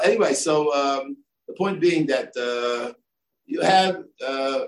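Older rabbi lecturing in a roomy space. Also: male voice, on the high side. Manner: discursive, many fillers and asides. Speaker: rabbi and yeshiva head. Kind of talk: Torah lecture. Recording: echoey room, distant mic, faint ambience.

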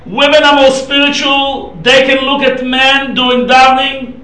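A man's voice: very high-pitched, level tone, unhurried, bright, forceful tone. A middle-aged man, a rabbi teaching a Torah class, talking emphatically and telling stories. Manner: emphatic, storytelling, mixing Hebrew and Yiddish terms. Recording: echoey room from far off.

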